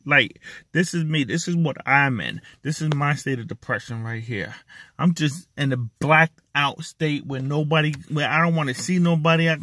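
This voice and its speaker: A man with a voice a bit above the usual pitch speaks earnestly to his camera, circling back over the same words as the feeling builds. The sound is dry and close, with no room around it. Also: a bit bright, no echo. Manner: earnest, repetitive, emotional. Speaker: vlogger. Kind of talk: personal talk to camera. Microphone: camera mic.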